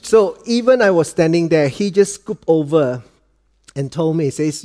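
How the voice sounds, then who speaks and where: A man's voice: a little high, lively intonation, normal speed, warm tone. A man with a Malaysian accent, a guest pastor opening his sermon in a chatty, joking way, often adding "okay?". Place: church auditorium. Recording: long hall reverb.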